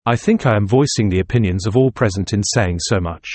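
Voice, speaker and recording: A man reading the part of a suave young male student who mocks with smooth politeness. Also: lowish voice, fairly quick, darkish tone, no echo, lightly acted.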